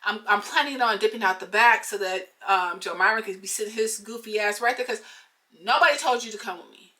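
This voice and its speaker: A woman vlogger telling a story in a casual, animated, profane way, slipping into slang and angry outbursts. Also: mid-range voice, brisk.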